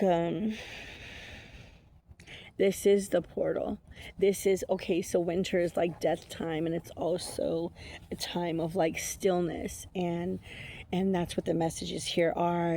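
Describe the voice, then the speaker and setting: A woman gives a casual, channeled oracle card reading in a somewhat low voice, rambling from thought to thought. She laughs often and swears offhandedly, keeping it chatty and unpolished. A faint hum of background noise sits behind her. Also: dark tone. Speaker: intuitive oracle card reader.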